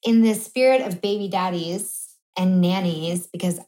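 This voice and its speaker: A woman's voice: lowish voice, unhurried, warm tone. A woman, co-hosting a podcast and telling an explicit story in a blunt, self-mocking way. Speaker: podcast co-host. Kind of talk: candid comedic storytelling.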